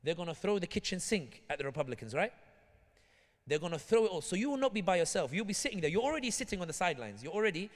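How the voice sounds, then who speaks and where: British-accented man, from Tunisia, rapid and animated delivery, higher-pitched voice, long hall reverb, acts out characters in his anecdotes. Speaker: guest speaker. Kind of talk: community talk with humorous anecdotes. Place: large hall at an Islamic center.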